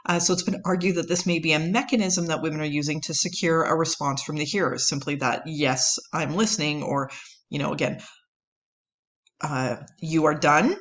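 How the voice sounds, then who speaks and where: A woman's voice: deep voice, steady tone, fairly quick, a bit bright. A woman lecturing on anthropology, explaining at length with many fillers and "right?" checks. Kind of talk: recorded lecture.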